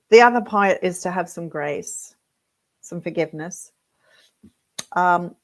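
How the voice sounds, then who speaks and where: Animated British woman coaching to camera. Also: fairly low pitch. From Britain. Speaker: hairdressing coach. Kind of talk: reflective direct-to-camera talk.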